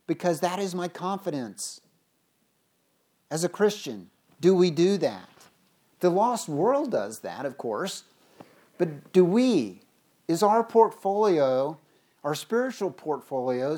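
Preacher, sermon, scripture reading, emphatic, swinging pitch and volume, frequent restarts. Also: darkish tone. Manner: stumbles and restarts words mid-phrase.

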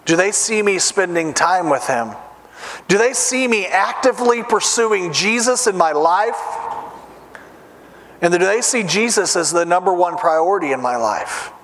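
A man's voice: sits high, lively intonation, measured pace, fairly bright tone. A middle-aged man preaching a sermon to fathers, earnestly putting direct questions to his listeners. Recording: long reverb of a large hall.

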